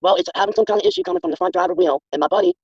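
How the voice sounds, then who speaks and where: A middle-aged or older speaker pours out words very fast in an emphatic, defensive manner, with a gravelly edge. The pitch swings widely. The stream audio is dry and muffled. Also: huge pitch swings, darkish tone, dry recording. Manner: emphatic, defensive, talks in rushes. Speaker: guest on a livestream. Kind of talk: casual livestream chat.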